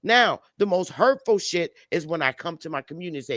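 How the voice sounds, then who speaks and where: A woman's voice: fairly low pitch, expressive, a little fast, a bit bright, dry recording. A woman speaking as a panelist on a live stream, delivering a heated, blunt and profane rant over a video call. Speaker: livestream panelist.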